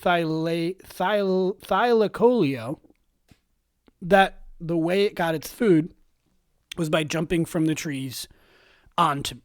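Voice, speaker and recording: A man co-hosting a casual podcast, animated and giggly, often restarting his sentences. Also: a little high, slow, long pauses, no room sound, studio quality. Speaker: podcast co-host. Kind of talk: casual chat.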